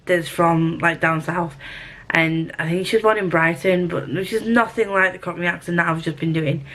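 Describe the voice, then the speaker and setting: A young woman vlogging in a casual, rambling, animated way, poking fun at herself. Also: on the low side. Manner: chatty, rambling, animated, self-mocking. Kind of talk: casual rambling vlog chat.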